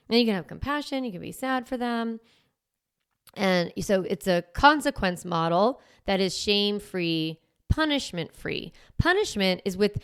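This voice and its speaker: A woman's voice: mid-range voice, smooth, dry recording, studio quality. A middle-aged woman coaching parents, speaking casually to camera in a chatty way with lots of "like". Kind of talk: casual talk to camera promoting a course.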